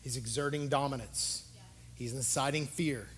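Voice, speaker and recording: A male pastor preaching a sermon in an impassioned way, moving between hushed low talk and loud, urgent exhortation. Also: fairly even intonation, normal speed, husky.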